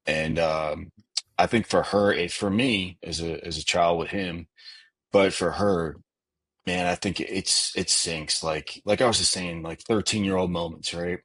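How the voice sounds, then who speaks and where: Low husky-voiced man in casual chat. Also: fairly even intonation, a little slow, fairly bright tone. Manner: rambling, heavy on "you know" fillers. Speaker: podcast guest. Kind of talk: casual conversation.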